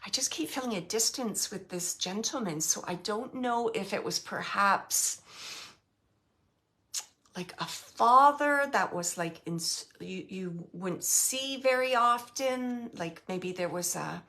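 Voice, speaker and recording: A woman working as a psychic medium, relaying messages in a halting way, repeating herself and dropping into whispered asides. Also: medium pitch, animated, pushed and bright. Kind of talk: live spirit reading.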